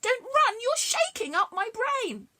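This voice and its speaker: A woman voicing a young boy's talking head, high and pleading, in a rhyming children's story. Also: big pitch swings, unhurried, sharp tone, exaggerated voice.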